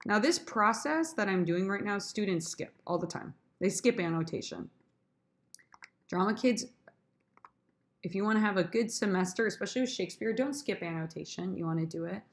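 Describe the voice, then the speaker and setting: A woman's voice: mid-range voice, animated, moderate pace. A woman drama teacher, chatty and addressing her students directly, talks through how she annotates and rehearses a sonnet. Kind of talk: screen-recorded lesson.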